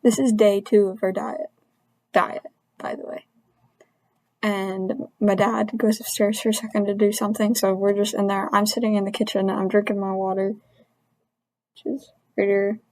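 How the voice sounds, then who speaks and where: A woman's voice: mid-range voice, little pitch movement, darkish tone, dry recording, low-quality recording. Frustrated woman venting in a dry, close sound. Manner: frustrated, venting, halting restarts; earnest. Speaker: vlogger. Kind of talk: personal rant to camera.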